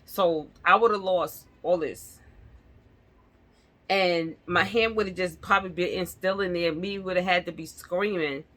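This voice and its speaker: A woman vlogger in telling a personal story to her viewers, animated and laughing as she talks. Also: on the low side, measured pace. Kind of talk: casual storytime chat to viewers. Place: indoors at home.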